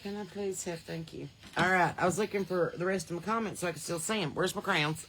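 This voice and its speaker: A Southern-accented woman hosts her podcast as a laid-back livestream from an outdoor porch, speaking into a phone mounted on a holder. Her voice is fairly low and fairly quick with hardly any pauses, homey and easygoing, full of laughter and shifts between loud and quiet.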